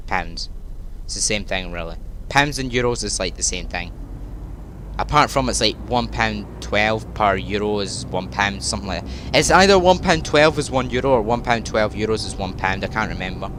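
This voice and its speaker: A Scottish teenage boy who makes gaming videos on YouTube rambles through let's-play commentary, chatty and tangential, often correcting himself mid-sentence. His voice is fairly low, animated and a bit bright, at a moderate pace. Truck engine and traffic noise sit under him, along with driving-game sounds and reversing beeps.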